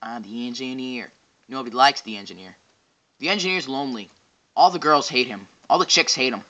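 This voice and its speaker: A man giving goofy, excitable, rambling commentary while playing a game and joking to himself. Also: mid-range voice, fairly quick, highs cut off. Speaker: game reviewer. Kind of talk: casual gameplay commentary.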